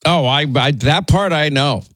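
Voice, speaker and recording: Teasing New York radio host, dry sound. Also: male voice, fairly high pitch, measured pace, fairly bright tone, no room sound. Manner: teasing, bantering. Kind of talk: casual studio banter. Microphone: studio microphone.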